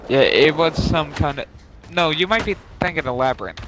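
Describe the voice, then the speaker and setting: A man's voice: fairly high pitch, lively intonation, moderate pace. A young man streaming a game, telling a long rambling story in casual chat, swearing freely and correcting himself as he goes. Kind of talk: casual chat while gaming. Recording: noisy stream audio.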